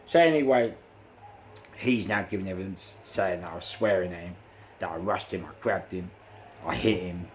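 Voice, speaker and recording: A man with a London accent tells his stories with lively animation, his voice sitting on the lower side. He acts out each exchange, peppers his talk with "you know", and a faint hiss of noise runs underneath. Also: moderate pace. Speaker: interviewee recounting prison life. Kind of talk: animated storytelling.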